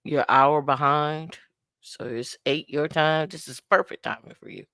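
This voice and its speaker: A woman with a lowish voice hosts a casual live stream, greeting viewers one by one. Her tone is playful, and she slips into bits of singing and sound effects. The recording is dry and close, her voice smooth and clear. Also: measured pace, fairly bright tone, no echo. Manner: playful, sings and imitates dancehall sounds. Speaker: host. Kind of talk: casual livestream chat.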